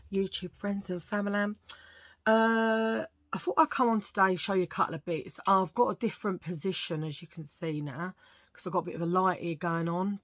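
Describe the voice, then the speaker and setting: A woman's voice: lowish voice, a bit bright, no echo. A woman with a Cockney accent, chatting casually to her channel viewers and telling jokey stories full of asides. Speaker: vlogger. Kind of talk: casual chat. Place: at home, sitting under a lamp.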